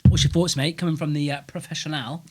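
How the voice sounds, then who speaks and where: A man's voice: on the high side, steady tone, quick pace. A man, a comedian co-hosting, telling gym stories in casual banter and laughing often. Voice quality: laughs often, chatty, acts out quotes. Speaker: comedian co-host.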